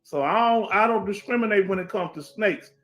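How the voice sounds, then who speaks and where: Speaking brisk and high into a headset, this streetwise Houston, Texas native, a middle-aged veteran, reads chat on his casual livestream. He talks emphatically in Houston Black American English, repeating himself a lot and checking in with "you understand?"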